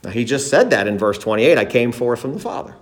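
A man's voice: mid-range voice, big pitch swings, fast. A man preaching a sermon as pastor, emphatic, acting out the disciples' words in a raised voice.

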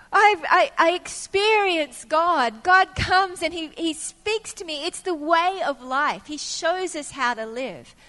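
High-voiced woman preaching in a reverberant hall. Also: sharp tone. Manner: storytelling with acted-out quotes of her younger self. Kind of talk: sermon.

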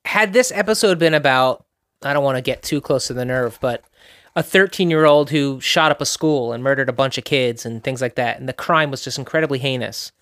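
A man's voice: medium pitch, brisk, fairly bright tone, dry recording. A man co-hosting a casual rewatch podcast with wry, dry-humored commentary. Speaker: podcast co-host.

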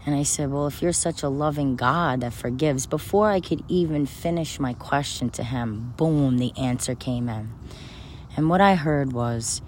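Deep-voiced lady preaching about forgiveness, emphatic, kinda personal, faint hiss behind. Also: moderate pace, darkish tone. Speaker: spiritual speaker. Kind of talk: spiritual talk to camera.

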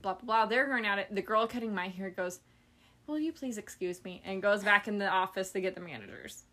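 A woman's voice: medium pitch, a little fast. A woman podcast host casually telling a story, acting out the people she quotes and swearing offhandedly. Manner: animated, acts out quoted people.

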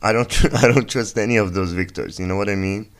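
A man's voice: on the low side, fast. A young man hosting a solo podcast, rambling through jokey, profane stories in a casual monologue. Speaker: podcast host.

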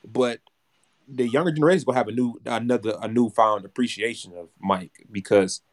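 A man's voice: mid-range voice, a little fast. Rambling man in his twenties. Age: 20s. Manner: rambling, repeats words, swears freely. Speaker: podcast co-host. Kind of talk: casual chat.

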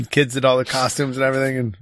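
A man's voice: mid-range voice, level tone, quick pace, a bit bright, no room sound. Wry man, dry close sound. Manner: wry, teasing interjections. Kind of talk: casual chat.

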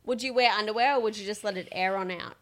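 A woman's voice: mid-range voice, fast. A woman, co-hosting a casual chat, playful and keen to ask the audience. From Australia. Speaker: co-host.

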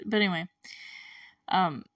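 A woman's voice: on the low side, unhurried, fairly bright tone, dry recording, recorded from a distance. A young woman hosting a podcast, recapping a movie in a rambling, chatty way with frequent laughs and puzzled asides. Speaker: podcast host.

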